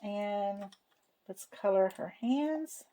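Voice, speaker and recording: Slow-talking folksy woman counting cash. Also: medium pitch, expressive, dark tone, poor audio. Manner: folksy, talks to herself while counting money aloud. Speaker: savings channel host. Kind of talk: casual cash-stuffing vlog narration.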